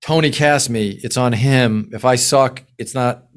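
A man talking as a podcast guest, telling stories in an animated way, with lots of restarts and casual swearing. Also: mid-range voice, unhurried, a little hiss or hum. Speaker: guest screenwriter and producer.

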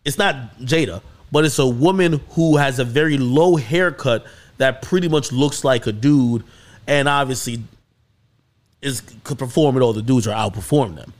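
A man hosting a podcast, telling a story in casual chat with lots of swearing and excited peaks. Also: medium pitch, normal speed. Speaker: podcast host.

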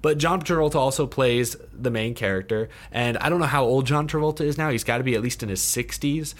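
A man's voice: mid-range voice, brisk. A man co-hosting a podcast in a casual film review chat, speaking conversationally and stumbling over repeated words. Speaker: podcast co-host.

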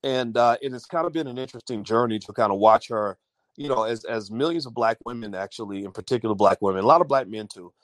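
A man's voice: mid-range voice, fast talker, no room sound. A man hosting an audio-only livestream, talking casually to his chat and reading viewers' comments, with many fillers and restarts. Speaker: livestream host.

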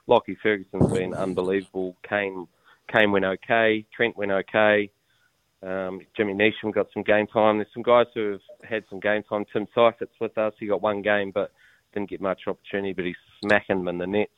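A man's voice: fairly low pitch, flat delivery, normal speed, clear, resonant tone, no echo, narrow, tinny audio. A man with a New Zealand accent, a show regular calling in from abroad, chatting in a laid-back, matey way. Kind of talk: casual chat.

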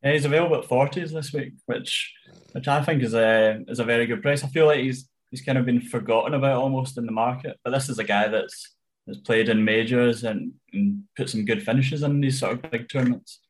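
A man tipping golf bets in casual chat, analytical and measured with frequent ums. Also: mid-range voice. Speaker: golf betting tipster.

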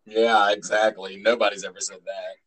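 A man's voice: fairly low pitch, level tone, normal speed, crowd noise. A man co-hosting a podcast in crude, casual banter, swearing constantly and laughing often. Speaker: podcast co-host.

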